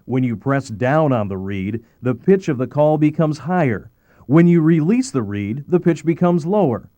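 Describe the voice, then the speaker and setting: A man narrating a scripted instructional voice-over, giving calm step-by-step directions. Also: medium pitch, dry recording, lo-fi sound.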